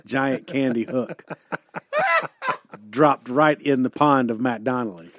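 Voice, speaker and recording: A man's voice: mid-range voice, slow, a bit bright, no room sound, clean studio sound. A man co-hosting a podcast, chatting casually and cutting in with jokes and snatches of song. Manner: joking interjections, sings snatches of songs. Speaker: podcast co-host. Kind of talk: casual chat.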